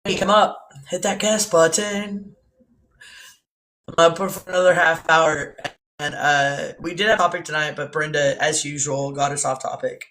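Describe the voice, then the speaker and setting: A woman's voice: low-pitched, steady tone, moderate pace, a bit bright. A woman, hosting a casual live stream while drinking, playful and teasing with lots of laughter. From East Texas. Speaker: livestream host.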